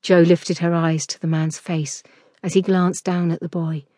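A woman narrating a historical romance audiobook in a measured, expressive reading. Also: lowish voice, no echo, studio quality.

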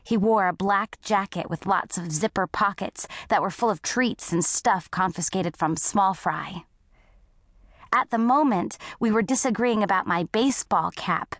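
A woman narrating a first-person audiobook story in a scripted, unhurried way. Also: mid-range voice, no room sound, clean studio sound.

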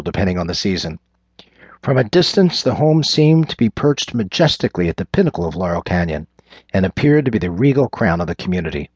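A man narrating a thriller audiobook in a measured, descriptive way. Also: on the low side, darkish tone, breathy edge, no echo. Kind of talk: scripted narration. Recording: dull lo-fi recording.

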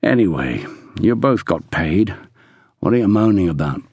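Guy reading as a laid-back teasing soldier, dry close mic, lively up and down voice. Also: low voice, normal speed, breathy edge, no echo, voice pushed down, full character voice. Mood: breezy. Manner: breezy, joking. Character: British army soldier, easygoing and teasing.

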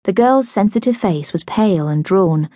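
A woman narrating a novel in an audiobook, with a measured, even storytelling manner. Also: medium pitch, dry recording, studio quality. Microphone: close studio mic.

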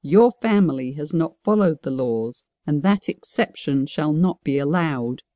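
A grave old wizard who lays out the law with solemn patience, as a woman narrator voices him. The tone is mellow and warm, recorded dry and close. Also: deep voice, animated, measured pace, dry recording. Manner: solemn, explaining.

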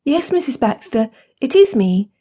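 A woman's voice: a little high, very animated, normal speed, dark tone, slightly rough, voice pushed up. A woman narrator voicing a genteel young Regency-era wife who speaks with poised, formal grace. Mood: gracious. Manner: poised, formal period speech.

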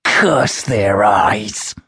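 A man's voice: fairly low pitch, drawn-out words, creaky, fairly bright tone, breathy edge, no room sound, studio quality, heavily acted. A man growling as a snarling, murderous Vampanese. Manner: snarling, menacing murmur.

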